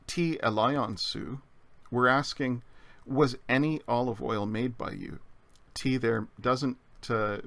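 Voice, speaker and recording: A man teaching Greek vocabulary in a measured lecture, explaining slowly with frequent pauses and fillers. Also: medium pitch, fairly bright tone, no echo. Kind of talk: recorded lecture.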